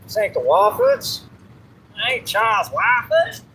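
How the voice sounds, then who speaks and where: A man vlogging casually about his fitness training, rambling and breaking into high squeaky shouts. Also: measured pace, slight background noise, poor audio. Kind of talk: casual vlog talk to camera.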